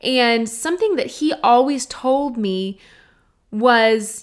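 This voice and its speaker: A young woman from Texas talks through her solo podcast. She sounds chatty and earnest, speaking straight to her listeners in a voice that sits a little high. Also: lively intonation, slow, clear, resonant tone. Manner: warm, chatty and earnest, addressing listeners directly. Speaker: podcast host. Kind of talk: casual solo podcast talk.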